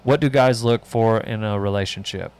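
A host with a fairly low male voice reads listener questions aloud at a moderate pace and answers with short, dry, joking advice. The chat is relaxed and casual, with a faint room hum in the background.

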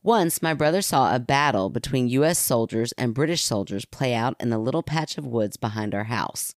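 A woman's voice: rumbling low, lively intonation, normal speed, dry recording, studio quality. A woman co-hosting a casual podcast, reading listener stories aloud and teasing her co-host with a playful, laughing manner.

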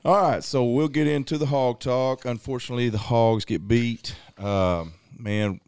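A man co-hosting a casual sports talk show, relaxed, mostly chiming in with short agreeing replies. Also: mid-range voice, moderate pace, clear, resonant tone, no room sound. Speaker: podcast co-host.

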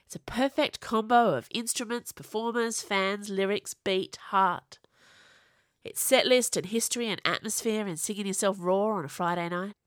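A woman reading her own fiction aloud in a wry, expressive storytelling voice for a podcast. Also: mid-range voice, normal speed, no room sound, studio quality. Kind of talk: audiobook story narration.

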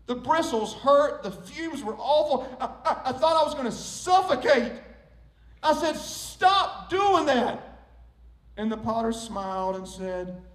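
A man voicing a long-suffering talking teacup in a sermon story, crying out in high pleas. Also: expressive, moderate pace. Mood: plaintive. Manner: storytelling, rising to high pleading cries. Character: old teacup, male, long-suffering and wondering. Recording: roomy echo.

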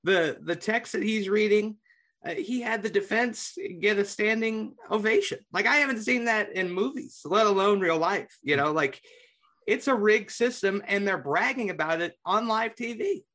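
A man's voice: high voice, lively intonation, moderate pace, bright, forceful tone. A man co-hosting a podcast in casual political chat, dropping wry, joking asides. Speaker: podcast co-host.

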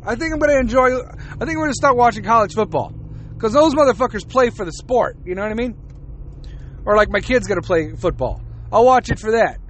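A man's voice: sits high, lively intonation, fairly quick, a bit bright, a little hiss or hum. A man hosting a podcast, ranting in a casual, profane monologue and laughing between rants. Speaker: podcast host.

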